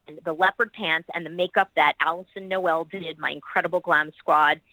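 A middle-aged woman speaks as a guest on a podcast interview, tumbling from one project to the next with eager enthusiasm. Her voice sits a little low for a woman but has a bright, forward edge. The sound is close and dry, with no room around it. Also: steady tone, normal speed, no echo, rough recording. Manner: enthusiastic, rambling, gushing about colleagues. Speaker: actress and producer guest.

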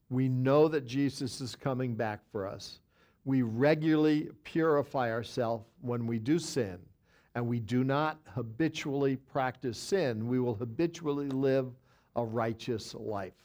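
Pastor, male, mid-pitched voice, loose conversational Bible-study delivery, repeats and restarts, dry asides. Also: measured pace, mellow. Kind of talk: Bible study teaching with a story illustration.

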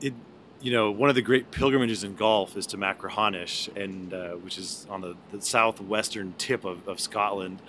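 A man's voice: lowish voice, fairly even intonation, moderate pace, fairly bright tone, slight background noise. A man hosting a podcast, chatting casually in a wry, teasing way. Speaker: podcast host. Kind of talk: casual chat.

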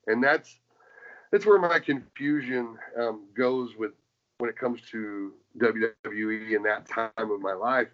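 Rambling man in a lo-fi interview. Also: medium pitch. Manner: rambling with many restarts and fillers, animated when retelling. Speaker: former pro wrestler, guest. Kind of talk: casual interview storytelling. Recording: dull lo-fi sound.

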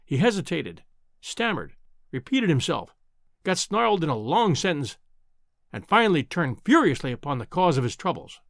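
A man narrating a classic novel aloud in a measured, expressive way. His voice sits a little high and swings widely in pitch. The recording is dry and close, with no room sound. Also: gravelly, dry recording. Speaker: audiobook narrator.

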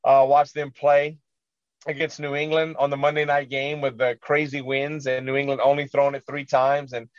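A man's voice: mid-range voice, flat delivery, moderate pace, no echo, muffled recording. A man co-hosting a sports radio show, earnestly recapping a football loss with frustration and lots of fillers.

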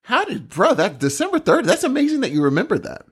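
A man co-hosting a casual chat, chatty and excitable, telling stories. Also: extremely high pitch, fast talker, breathy edge.

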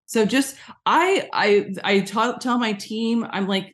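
A woman's voice: on the high side, slow pace, hardly any pauses. Woman, American accent, casual interview guest, chatty, filler-heavy, video call mic. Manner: chatty, frequent "like" fillers, emphatic asides. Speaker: guest, branding agency founder.

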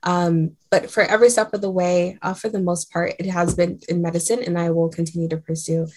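A bubbly woman, speaking as a podcast guest. She talks casually and warmly, dotting her sentences with ums. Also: lowish voice, flat delivery, brisk. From Queens, New York. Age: 20s. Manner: bubbly, many filler ums.

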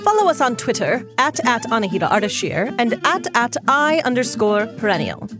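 A woman co-hosting a comedy podcast, announcing its segments in a bright, showy delivery. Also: a little high, very animated, fairly quick, over music.

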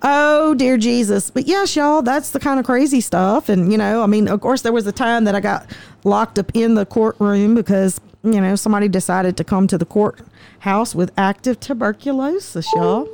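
A woman, telling stories in a lively, profane, folksy way as a guest. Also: medium pitch, moderate pace, creaky. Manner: animated, profane, folksy storyteller. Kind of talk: casual storytelling.

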